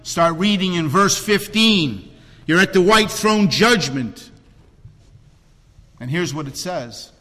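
A man preaching a sermon as pastor, swinging between loud emphatic cries and hushed, low, drawn-out phrases. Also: animated, in a large hall.

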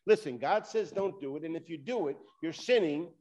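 A man with a high voice delivers a sermon. He talks straight to his listeners, pushing some lines hard and letting others drop low. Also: expressive, normal speed, few pauses, a little mellow. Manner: preaching with rising and falling emphasis, addresses listeners directly. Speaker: pastor.

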